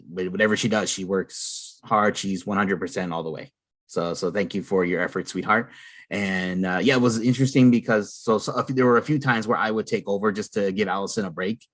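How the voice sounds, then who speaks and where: A man's voice: deep voice, fairly bright tone. A man hosting a podcast in a casual, affirming way, often repeating words and saying uh. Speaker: podcast host. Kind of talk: casual conversation.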